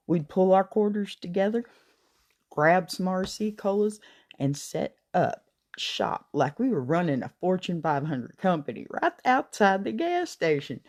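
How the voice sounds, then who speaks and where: A woman's voice: on the low side, darkish tone. A middle-aged woman telling folksy comic stories in a wry, drawling way. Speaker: comedic storyteller. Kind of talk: comic storytelling monologue.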